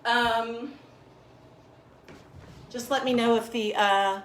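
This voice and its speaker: A woman fitness coach livestreams a workout from home. She talks in a chatty, encouraging way with a slightly high voice. The sound is echoey, with faint background noise. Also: steady tone, very slow, far from the mic. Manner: chatty, apologetic about tech trouble, encouraging. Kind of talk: live-streamed home workout instruction.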